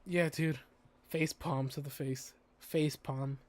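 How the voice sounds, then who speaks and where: A man streams a game and chats casually, spinning stories in slangy speech peppered with "bro" and "dude." His voice is on the high side, steady in tone, and slow-paced.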